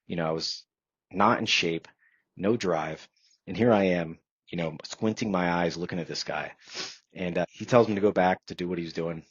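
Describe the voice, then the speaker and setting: Low husky-voiced man telling his story. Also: normal speed, dry recording. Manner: earnest, reflective, filler-heavy storytelling. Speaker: podcast guest. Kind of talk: personal storytelling in a podcast interview. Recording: dry, slightly dull podcast audio.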